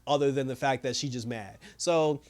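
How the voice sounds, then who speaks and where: A man giving a casual, rambling recap and review of a TV episode, excitable, with lots of fillers and laughing. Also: mid-range voice, moderate pace. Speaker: show reviewer.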